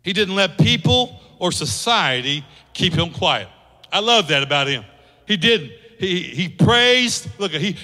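A man's voice: fairly high pitch, sharp tone. A male pastor preaching a passionate sermon in a church, exhorting the congregation with rhetorical questions. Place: church sanctuary. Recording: long church reverb.

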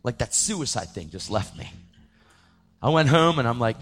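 A man giving a testimony sermon in casual slang, acting out the voices he quotes and sometimes breaking into shouts. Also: medium pitch, moderate pace. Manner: animated, acts out quoted voices, slips into shouts; casual slang, calls listeners dude. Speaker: preacher giving his testimony.

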